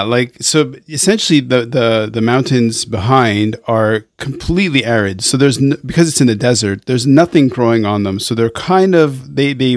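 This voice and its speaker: A man hosting a casual interview who describes a photo slowly and searches for his words as he goes. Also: mid-range voice, no echo, clean studio sound. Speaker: podcast host.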